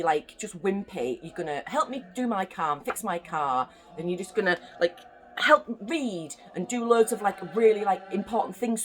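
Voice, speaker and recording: A kindly young builder back from the war, speaking with an earnest, upbeat lift, as a woman reading a bedtime story puts him on. His voice sits high and swings widely in pitch. Faint music plays underneath. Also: lightly acted. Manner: earnest, cheerful, child-friendly retelling. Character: kindly young British soldier turned builder.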